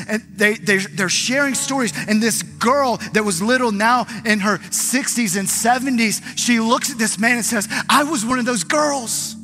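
A male pastor preaching an impassioned sermon, moving between urgent appeals and hushed storytelling. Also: sits high. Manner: impassioned, building to pleas and soft hushed moments.

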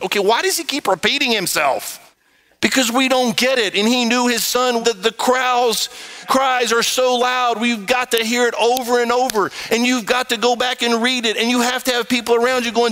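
A man's voice: very high voice, moderate pace, poor audio. A man preaching a sermon, reading scripture aloud and acting out the people he quotes. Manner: animated, acts out quoted voices.

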